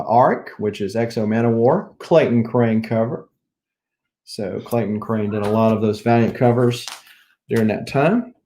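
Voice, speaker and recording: A man's voice: medium pitch, darkish tone. A man with a Southern US accent chatting casually as a comic book collector vlogger, rambling as he lists items one by one. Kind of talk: casual show-and-tell chat.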